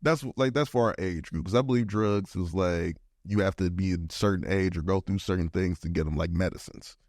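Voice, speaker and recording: Low-voiced young man, rambling slangy chat. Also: a little fast, no room sound, clean studio sound. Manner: relaxed, rambling, heavy "like" filler, slangy. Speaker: podcast co-host. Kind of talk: casual chat.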